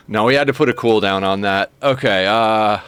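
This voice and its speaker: A man's voice: lowish voice, a bit bright, a little hiss or hum. A man streaming a game, chatting casually with his viewers, thanking them and reading their messages with lots of fillers. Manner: frequent laughs and filler words. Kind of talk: casual live-stream chat.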